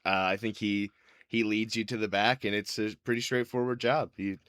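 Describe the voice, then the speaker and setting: A man narrating a tabletop game as game master, loose and rambling. His voice sits low with a bright edge and moves around a lot, heard close and dry. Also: fairly even intonation, moderate pace, clear, resonant tone, no room sound. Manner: loose, rambling, laughs often.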